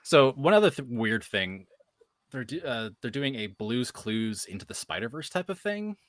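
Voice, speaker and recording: A man in his thirties hosting a podcast, running through news in a relaxed, hesitant way. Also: mid-range voice, moderate pace. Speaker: podcast host reading news. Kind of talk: casual chat.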